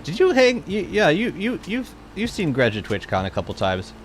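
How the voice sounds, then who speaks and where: Excitable rambling man streamer, lively pitch. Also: normal speed, soft background music. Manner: excitable, rambling with many restarts. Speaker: game streamer. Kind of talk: casual live-stream chat.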